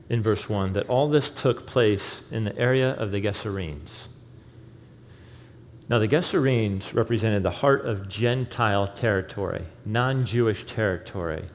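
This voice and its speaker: A man's voice: medium pitch, slight background noise. A male pastor preaching a sermon, telling the story with animation and acting out the quoted lines. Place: church sanctuary. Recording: long hall reverb, faint ambience.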